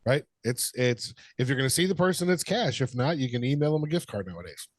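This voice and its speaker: A man's voice: mid-range voice, expressive, quick pace, no room sound. Laid-back man on a dry mic. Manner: laid-back, swearing, agreeable. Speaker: podcast co-host. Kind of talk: casual chat.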